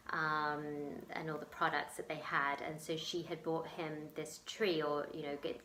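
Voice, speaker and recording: This English vlogger tells a personal story in a chatty, emotional manner, full of ums and laughter. Her voice sits low with a slightly bright edge, and the recording sounds roomy with a touch of background noise.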